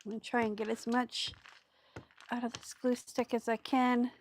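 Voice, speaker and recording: Woman rambling on a live craft stream, kinda high voice, chats w viewers while she glues stuff. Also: flat delivery, moderate pace, slight background noise. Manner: chatty and rambling, greets viewers while working. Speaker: craft video host. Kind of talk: casual live crafting chat.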